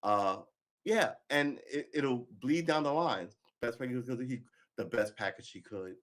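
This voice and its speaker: A man's voice: medium pitch, measured pace, fairly bright tone. A man giving live political commentary, angry and sarcastic, swearing, reading news aloud and cutting in with remarks.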